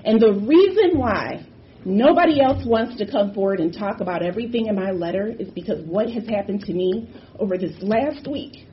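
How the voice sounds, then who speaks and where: A woman's voice: mid-range voice, lively intonation, moderate pace. A woman on a university board giving an impassioned, emphatic statement at a public meeting, repeating phrases for force. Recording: muffled lo-fi audio with faint background noise.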